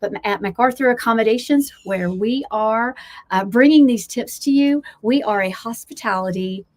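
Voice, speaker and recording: A woman's voice: on the high side, normal speed. Southern American woman, earnest wellness coach. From United States, Blue Ridge foothills. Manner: earnest, motivational, with frequent fillers. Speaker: wellness coach and travel host. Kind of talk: casual talking-head vlog. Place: outdoors, aircraft overhead.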